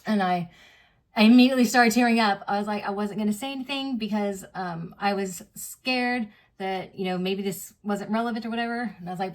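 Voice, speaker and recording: A woman's voice: medium pitch, fairly quick. A woman in her thirties, a vlogger, telling a personal story in a candid, chatty way full of fillers and reenacted dialogue.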